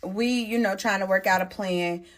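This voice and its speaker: A young woman telling a personal story to her followers in a casual, animated way, with blunt slang and swearing. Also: mid-range voice, moderate pace. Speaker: storytime vlogger.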